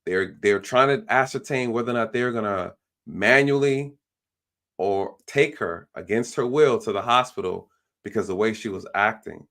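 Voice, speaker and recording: Gravelly low-voiced man telling a story. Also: normal speed. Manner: animated, acts out the other people's lines; repeats phrases, fills with "you know" and "like". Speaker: police officer telling a story as a guest. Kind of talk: casual storytelling on a live stream.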